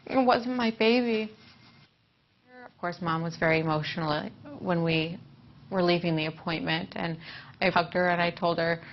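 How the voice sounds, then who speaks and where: A woman telling her own story as a former surrogate, emotional and halting at times. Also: on the low side, slight background noise. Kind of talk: personal testimony. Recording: dull muffled audio.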